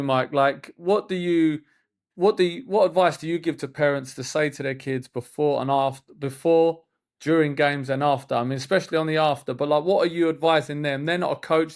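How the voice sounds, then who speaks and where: Man, 30s, podcast host, gravelly voice, slightly high pitch, rambling animated chat. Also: a little fast. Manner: rambling, animated storytelling with frequent restarts and swearing. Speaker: podcast host and youth football coach.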